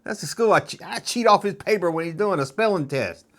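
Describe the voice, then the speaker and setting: Lively joking middle-aged male toy host. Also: sits high. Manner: joking, rambling, slips into quick kid impressions. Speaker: nostalgia toy video host. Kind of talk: casual rambling show-and-tell commentary.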